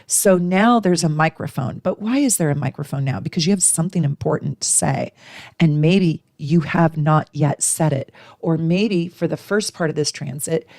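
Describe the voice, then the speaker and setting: A woman in her forties, an astrologer host, talking casually to camera with emphatic, animated delivery. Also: normal speed, vocal fry, no echo, studio quality. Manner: emphatic, animated, acts out little dialogues in a higher voice.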